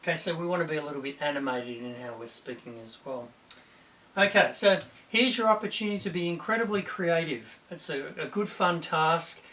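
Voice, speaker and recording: A male teacher giving a recorded video lesson to his students, encouraging and often clearing his throat. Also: a little high, brisk, pushed and bright, far from the mic.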